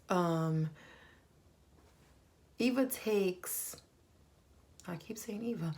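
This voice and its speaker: Gravelly woman recapping reality TV. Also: medium pitch. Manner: animated, slangy, shifting into loud quoted voices. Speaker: TV recap vlogger.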